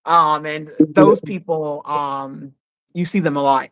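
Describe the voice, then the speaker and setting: A man in a casual live discussion, speaking as a guest psych nurse. He talks excitedly and haltingly, often repeating words while he gathers his thoughts. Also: on the high side, poor audio.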